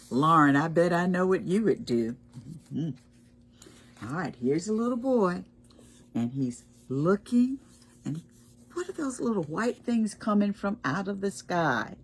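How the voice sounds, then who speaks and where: Brief: woman children's storytime reader, low husky voice, unhurried. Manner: animated, asks children questions. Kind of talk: children's read-aloud.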